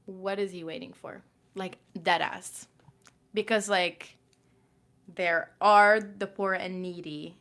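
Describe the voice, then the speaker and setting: A woman's voice: mid-range voice, creaky, a bit bright. A young woman chatting casually on a livestream, reading verses aloud, self-conscious and full of "like".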